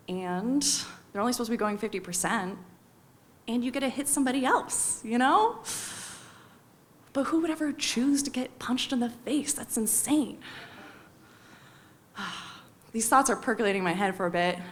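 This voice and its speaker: Wry American woman telling a personal story. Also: fairly high pitch. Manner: confessional, wry, animated when quoting people. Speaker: storyteller on stage.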